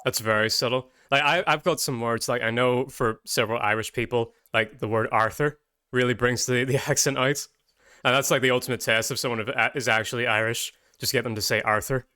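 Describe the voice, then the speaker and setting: Male podcast host, chatty and rambling, bright voice, dry close sound. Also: mid-range voice, steady tone, clear, resonant tone, no room sound. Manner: rambling, chatty, quick tangents. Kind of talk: casual podcast chat.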